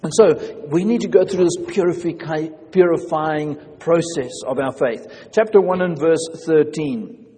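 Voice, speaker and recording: A man's voice: fairly high pitch, a little slow, warm tone, in a large hall. A man preaching a sermon as pastor, earnest, often restarting his phrases. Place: church.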